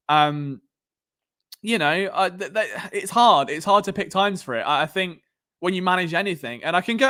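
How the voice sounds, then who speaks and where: A young man with a southern English accent hosts a casual live stream, chatting through his thoughts at length. He rambles, often stops to restart sentences, and leans on fillers, and his voice sits a little high for a man. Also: a bit bright. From England. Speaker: podcast host.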